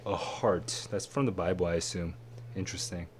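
A tired man reading a passage and thinking aloud, musing in a low-energy way as a test prep tutor. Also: moderate pace, darkish tone, slight background noise.

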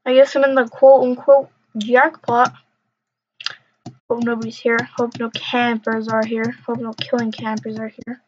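A woman's voice: fairly high pitch, level tone, unhurried, a little mellow, slight background noise. A young woman rambling through casual gameplay commentary, mumbling to herself and trash-talking other players. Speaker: gamer. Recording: dull lo-fi recording.

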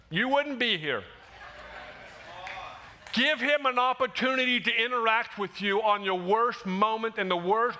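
A man preaching a sermon in a church, animated and conversational, acting out quick quotes as he goes. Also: sits high. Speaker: pastor. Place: church sanctuary.

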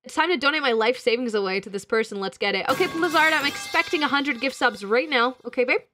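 High, bright-voiced teasing woman streamer. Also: fast talker, soft background music. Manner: crude, teasing banter with chat; laughs often. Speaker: VTuber streamer. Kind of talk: casual live-stream chatter.

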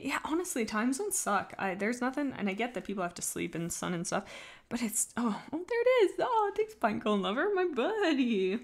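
A woman chatting casually on a live stream while she draws, rambling and poking fun at herself, sometimes trailing off quietly as she focuses. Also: on the high side, very animated, brisk. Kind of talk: casual livestream chat while drawing.

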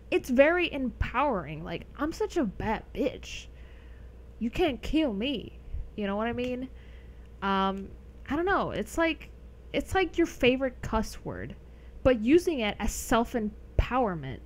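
A young adult woman streaming a game, chatting casually with viewers, rambling and laughing often. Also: on the high side. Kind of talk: casual live-stream chat over gameplay.

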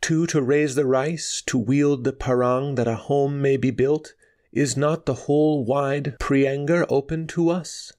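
Guy doing a defiant young dancer girl, scornful and pushy, pitched way up, storybook. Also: fairly even intonation, unhurried, darkish tone, lightly acted. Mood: pleading. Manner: scornful, insistent, proud. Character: bold defiant young Javanese dancer woman.

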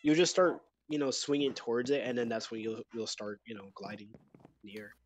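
A man's voice: medium pitch, brisk, slight background noise. Rambling man explaining game updates. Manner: rambling explainer with many fillers. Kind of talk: casual gaming chat.

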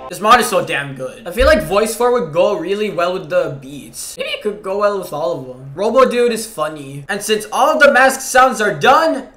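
A man giving a casual, excitable commentary reacting to a music game, with sudden yelps. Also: high-pitched, normal speed, hardly any pauses. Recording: roomy echo.

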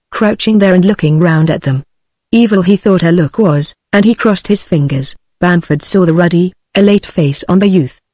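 A woman's voice: lowish voice, no echo. British text-to-speech woman narrating. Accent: British English. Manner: even synthetic reading. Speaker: audiobook narrator. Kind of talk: audiobook narration.

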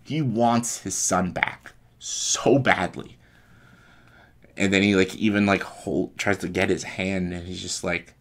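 A young man with a deep, low voice rattles off a movie plot as a comedy bit. He is breathless and swears freely, jumping in with blaster noises and acted-out lines as he goes. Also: steady tone, slow, fairly bright tone. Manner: breathless and profane, acting out lines and sound effects. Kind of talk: excited comedic retelling.

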